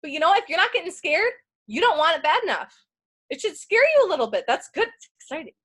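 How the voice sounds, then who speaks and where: Very high, bright woman urging her team on. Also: fast. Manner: intense, animated. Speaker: co-leader of a sales team. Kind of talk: motivational team talk.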